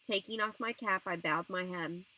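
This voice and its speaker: A woman narrating a novel as an audiobook reader, in a gentle, earnest storytelling manner. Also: lowish voice, normal speed, rough recording.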